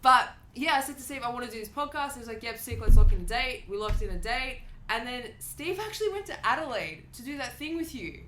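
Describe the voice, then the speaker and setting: A woman hosting a podcast, telling a story in an animated, casual way and swearing freely. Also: on the high side, quick pace, few pauses, roomy sound, a little hiss or hum. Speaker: podcast host.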